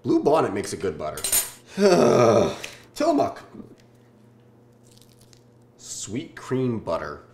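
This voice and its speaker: A man in his twenties from Southern California hosting a casual food-tasting vlog, joking and swearing in deadpan asides. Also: on the low side, slow pace, echoey room, slight background noise. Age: 20s.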